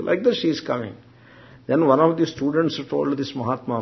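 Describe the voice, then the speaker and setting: A man, a monk teacher giving an unhurried, gentle spiritual discourse. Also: a little high. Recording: dull lo-fi recording.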